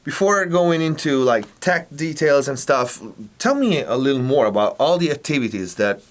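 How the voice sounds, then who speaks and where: A man's voice: a little high, lively intonation, normal speed. A man hosting a casual interview, giving brief, friendly, encouraging replies. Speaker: interview host.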